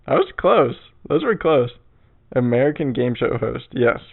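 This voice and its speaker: A man's voice: mid-range voice, very animated, moderate pace, creaky, husky. A young man hosting a solo podcast, rambling casually, swearing often and laughing at himself. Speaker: podcast host. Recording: tinny phone-like sound.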